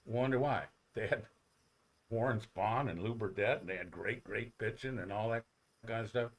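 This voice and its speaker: A man, a former ballplayer, telling rambling, animated stories on a sports talk show, with many restarts. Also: on the low side, normal speed. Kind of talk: casual storytelling on sports talk radio.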